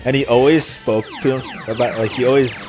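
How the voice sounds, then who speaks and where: A man's voice: medium pitch, steady tone, a little fast, over music. A young man telling rambling stories while commenting on a video game, with lots of filler words and frequent laughs. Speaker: let's play commentator. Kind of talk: casual gameplay commentary, storytelling.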